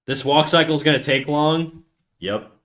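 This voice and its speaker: A young man streaming live as he draws, chatting casually with his viewers and trailing off quietly while he concentrates. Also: fairly high pitch, steady tone, moderate pace.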